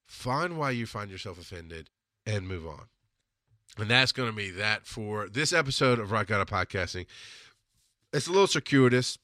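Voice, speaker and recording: A man's voice: fairly low pitch, animated, moderate pace, sharp tone, no room sound, studio quality. A man hosting a solo podcast, talking bluntly and with lots of swearing, and often working himself up into heated rants. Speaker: podcast host.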